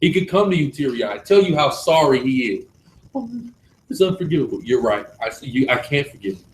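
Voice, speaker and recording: Male teacher preaching emphatically at a live class, mid pitch, roomy echo, light background noise. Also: animated, fairly quick. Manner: forceful, emphatic, repeats for stress.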